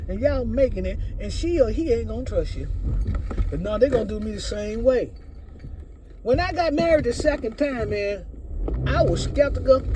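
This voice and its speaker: A woman's voice: fairly high pitch, background noise. A middle-aged woman gives relationship advice to her viewers in a casual monologue. She repeats her points emphatically and speaks straight to her audience. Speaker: vlogger giving relationship advice.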